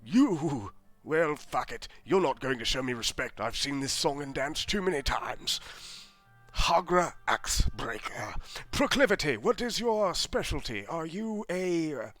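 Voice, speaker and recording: A pompous, condescending bookkeeper talks down his nose at each new arrival, as a man puts him on. His delivery is slow and unhurried, and his pitch swoops up and down. Faint music plays underneath. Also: big pitch swings, fairly bright tone. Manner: condescending, dismissive, fussy. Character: snooty male bookkeeper to an island emperor.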